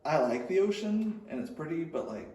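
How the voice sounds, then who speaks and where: A man's voice: on the high side, sing-song, fairly quick, mellow. A man, a pastor, chatting casually on a podcast, joking and drifting into stories. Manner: chatty and joking, trails off into storytelling. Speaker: pastor, interview guest. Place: church room. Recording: roomy echo, mic at a distance.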